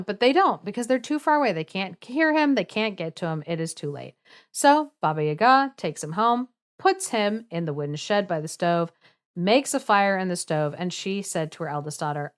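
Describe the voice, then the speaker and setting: A woman podcast host retelling a folktale in a relaxed, chatty way. She is wry and breaks the story with comic asides. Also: mid-range voice, moderate pace, smooth. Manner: chatty, wry, laughs through lines.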